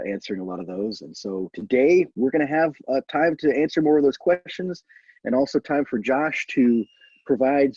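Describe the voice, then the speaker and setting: A man's voice: medium pitch, dark tone, husky, dry recording, lo-fi sound. A man hosting a live online event from home, casual and chatty with lots of fillers and laughs. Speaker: host. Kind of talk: casual live-stream chat.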